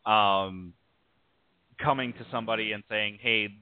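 A man's voice: fairly low pitch, steady tone, moderate pace, no echo. A man hosting an interview, asking questions with some fumbling. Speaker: host. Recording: dry tinny phone-like sound.

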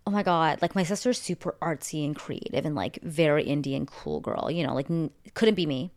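Low-voiced chatty young woman gossiping. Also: gravelly, a little mellow. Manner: chatty, opinionated, fast asides, lots of "like". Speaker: pop culture commentator. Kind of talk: casual celebrity gossip chat.

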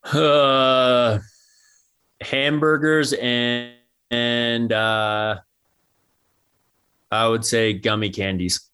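A man's voice: medium pitch, extremely slow, pauses often, clean tone. A young man answering interview questions casually, with lots of "um" and "you know". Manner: relaxed, many "um" and "you know". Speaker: interview guest, athlete.

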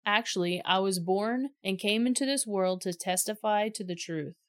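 A woman reading the lines of a calm, steady teacher in a scripture reading, measured and even. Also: mid-range voice, no echo, studio quality, lightly acted. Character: calm teacher, grown man, steady and certain.

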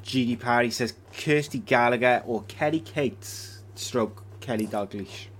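A man's voice: medium pitch, a little slow, a bit bright, slight background noise. A man co-hosting a podcast, chatting casually over drinks and reading out viewer messages in a laid-back way. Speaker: podcast co-host.

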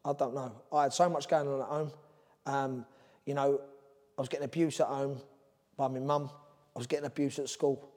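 A man's voice: mid-range voice, steady tone, moderate pace, long pauses, a little mellow, long reverb tail. A middle-aged man with a London Cockney accent, a former boxer telling his story as a podcast guest, earnest and drifting from topic to topic. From Ireland. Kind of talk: candid podcast interview.

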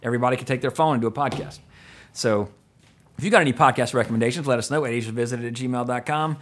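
A man co-hosting a podcast, chatting casually in a rambling, excitable way that jumps between topics. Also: mid-range voice, fast. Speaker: podcast co-host.

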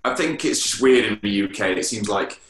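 A man's voice: fairly low pitch, lively intonation, a little fast, a bit bright, roomy sound. A man with an English accent, a guest musician chatting casually and laughing easily. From England. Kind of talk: casual interview chat.

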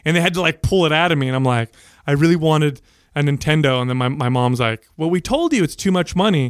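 A man in his forties swaps childhood stories in a relaxed, profane chat. His voice sits a little high. The recording is close and dry, with no room sound. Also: fast, no echo. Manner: storytelling, swears often, acts out quotes. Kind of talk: casual chat.

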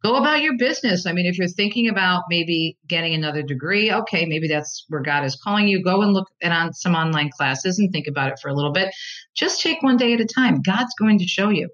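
An American woman, a Catholic talk show host, telling her story as a guest in a conversational interview, animated and restarting her sentences often. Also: lowish voice, fairly quick, lo-fi sound. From United States. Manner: animated storyteller, repeats words when starting sentences.

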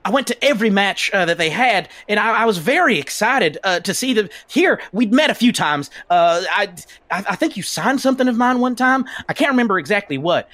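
A man's voice: very animated, a bit bright, no room sound. A man voicing a stammering, eager fan. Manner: stammering, eager, high and quick. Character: eager, rambling fan, a bit flustered.

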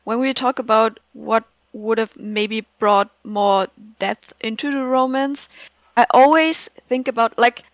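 A woman in a casual chat, talking in a thoughtful, measured way. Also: on the high side, no echo.

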